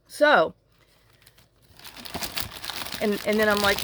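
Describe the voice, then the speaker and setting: A woman's voice: medium pitch, very slow, pauses often, noisy background. A woman vlogger chatting casually to camera, tearful and fighting back crying, rambling and often trailing off to restart. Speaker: journaling channel vlogger. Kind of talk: casual to-camera vlog chat.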